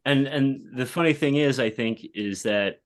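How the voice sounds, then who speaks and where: A man's voice: medium pitch, moderate pace. A man hosting an interview podcast, asking questions in a searching, hesitant way with restarts. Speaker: podcast host. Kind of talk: conversational interview.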